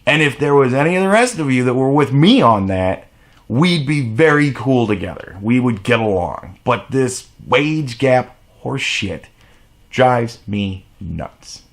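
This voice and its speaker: A man's voice: medium pitch, animated, a little slow. A man delivering a blunt, profane, exasperated rant to camera as a vlogger. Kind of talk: ranting monologue to camera.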